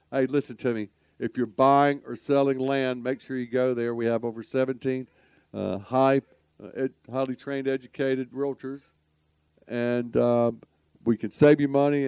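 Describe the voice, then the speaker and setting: A man's voice: mid-range voice, darkish tone, smooth, dry recording. A man hosting a radio talk show, folksy and rambling, often stumbling over his words. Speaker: podcast host.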